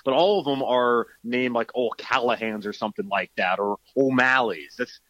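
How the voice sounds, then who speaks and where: Dude guesting on a podcast, goofy self-deprecating stories, muffled dry lo-fi audio. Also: male voice, medium pitch, normal speed, a bit bright, dry recording. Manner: joking, self-deprecating storytelling. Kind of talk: casual podcast chat. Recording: dull, dry lo-fi sound.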